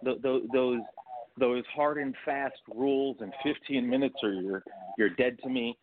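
A man's voice: mid-range voice, fairly even intonation, a little slow. A man calling in to a talk show, speaking bluntly and plainly. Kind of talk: call-in talk. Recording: phone line with a crowd behind.

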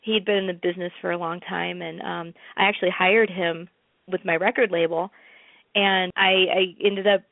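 A woman's voice: fairly low pitch, fairly even intonation, normal speed, gravelly, no room sound. A woman, a guest in an interview, chatting casually and telling stories with many fillers. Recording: tinny phone-like line.

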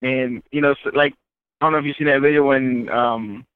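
A truck driving trainer talking easily as a guest, in loose runs with many fillers. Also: male voice, medium pitch, fairly even intonation, a little fast, clean tone, no room sound. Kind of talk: casual interview chat. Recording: dry, tinny phone-like line.

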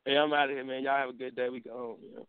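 A man hosting a casual morning chat show, telling animated stories, mimicking people and laughing a lot. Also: medium pitch, very fast, clean tone, no echo. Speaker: show host. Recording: tinny phone line.

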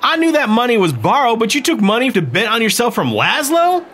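A man voicing a furious, sharp-tongued woman who patches up a battered fighter in an audiobook. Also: very high voice, very animated, a little fast, voice pushed up, full character voice. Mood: scolding, sarcastic. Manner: scolding, sarcastic.

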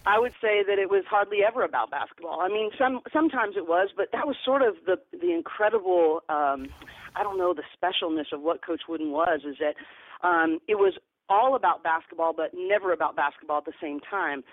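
A woman's voice: fairly low pitch, a little fast, no echo. Woman, basketball coach, earnest storyteller, repeats words, tinny phone line, dry sound. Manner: earnest, repeats words when starting sentences. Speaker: basketball coach, podcast guest. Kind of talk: storytelling interview answers.

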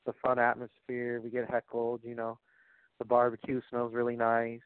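A man's voice: mid-range voice, completely flat delivery, normal speed, clean tone, dry recording. A man hosting a casual wrestling and sports chat show, rambling and joking with lots of fillers. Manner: rambling, filler-heavy, jokey. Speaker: podcast host. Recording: dry, tinny phone-like sound.

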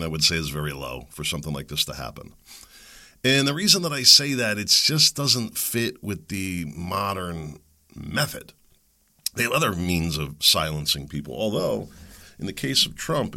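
Brief: middle-aged man, very low voice with a bright, forceful edge, casual podcast monologue. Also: gravelly. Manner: conversational, chuckling asides, rising emphatic bursts. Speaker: podcast host.

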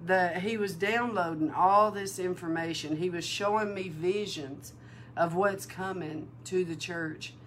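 Woman preacher, slow delivery, emotional testimony, faint background hiss. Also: fairly low pitch. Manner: emotional, animated storytelling. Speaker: prophetic minister. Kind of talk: testimony sermon.

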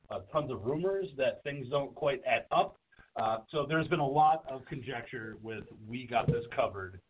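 A man co-hosting a horror film podcast, chatting casually, animated and laughing, with frequent swearing. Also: mid-range voice. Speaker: podcast host. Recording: tinny dry phone-like line.

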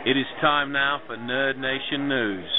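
A man's voice: mid-range voice, unhurried. A man reading a theatrical promo intro in a fake British accent. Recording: tinny phone-line audio over crowd.

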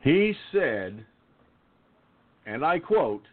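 A man hosts an online talk show in a profane, blustering rant, circling back to the same points. His voice sits a little high and swings widely in pitch. It comes through a narrow, phone-like line. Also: big pitch swings, unhurried. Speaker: radio show host. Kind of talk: ranting call-in talk show.

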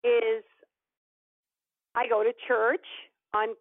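A woman guest telling a personal story in an animated way, acting out the voices of the people in it. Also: on the high side, extremely slow, dry recording. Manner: animated storyteller, acts out quoted dialogue. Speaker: podcast guest. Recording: tinny phone-line audio, dry.

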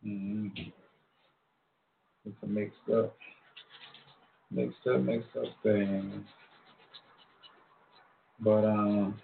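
Slow, drawling man on a tinny, echoey line. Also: fairly low pitch, little pitch movement, gravelly, a little hiss or hum. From Long Island, New York. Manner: laid-back, drawling, slangy. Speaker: show host. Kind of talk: casual street talk monologue. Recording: echoey room over a tinny phone-like line.

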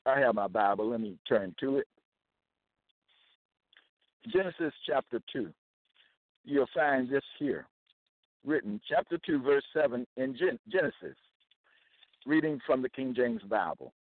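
A man with a medium-pitched voice and lively intonation teaches the Bible to camera unhurriedly, leaving long pauses. He is emphatic, repeats important phrases, and checks in with listeners. There's no room sound, and the audio is narrow and tinny.

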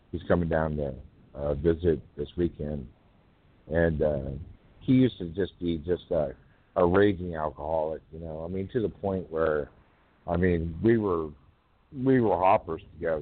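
A man hosting a poetry call-in radio show, rambling and halting with many fillers. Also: deep voice, dry recording. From North Carolina. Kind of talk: casual call-in chat. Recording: tinny phone line.

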